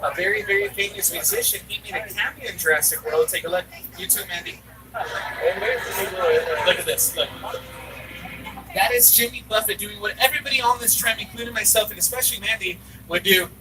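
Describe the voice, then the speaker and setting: High-voiced man giving a playful tram tour. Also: a little fast, distant mic, low-quality recording. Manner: playful, jokey, excitable. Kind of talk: theme park tour narration.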